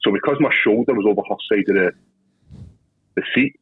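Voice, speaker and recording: Husky Scottish man telling rowdy stories. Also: on the low side, brisk, dry recording, phone-quality sound. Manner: profane, rowdy anecdote-telling with laughs. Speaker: podcast co-host. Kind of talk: casual chat.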